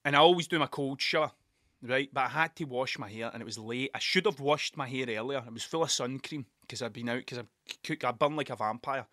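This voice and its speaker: Bright, sweary Scottish man rambling. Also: mid-range voice, brisk, no room sound, clean studio sound. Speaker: podcast host. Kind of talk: casual solo monologue.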